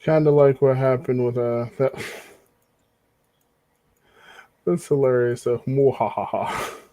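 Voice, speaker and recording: Podcast co-host, man, mid-pitch, sarcastic quips between laughs. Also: steady tone, takes it slowly, warm tone. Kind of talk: casual chat.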